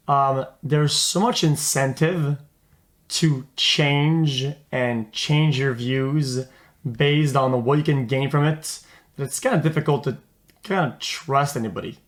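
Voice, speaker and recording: Give me a slightly high, rambling male streamer. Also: measured pace. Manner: rambling, swears, trails off and restarts. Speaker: streamer reacting to a video. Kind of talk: casual live-stream commentary.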